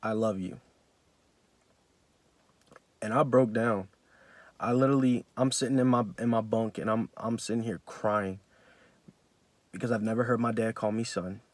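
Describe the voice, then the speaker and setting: A man's voice: medium pitch, flat delivery, normal speed, no echo. A young man vlogging about his life, telling a heartfelt personal story with many fillers and restarts.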